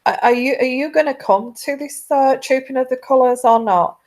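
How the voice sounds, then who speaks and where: A woman's voice: high-pitched, moderate pace, a little mellow, voice pushed up, natural voice. A woman voicing an exasperated young royal husband, blunt and questioning.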